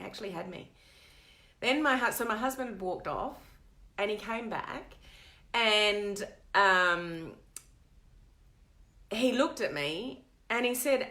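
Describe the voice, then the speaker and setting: A woman hosting a live stream talks casually into a webcam, chatty and animated. Her pitch sits in a middle range, and she moves easily between storytelling and reading viewer comments aloud. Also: roomy sound. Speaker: host of a live video stream.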